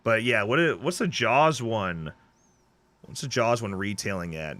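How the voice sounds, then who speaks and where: A man's voice: lowish voice, unhurried, a bit bright. A man co-hosting a live horror news stream, chatting casually, jokey and swearing freely. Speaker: horror news podcast co-host.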